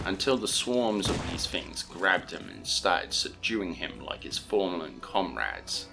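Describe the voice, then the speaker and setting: A man with a low, deep voice narrating a fan audiobook, telling the story in a steady, earnest way. Clear music plays behind him throughout.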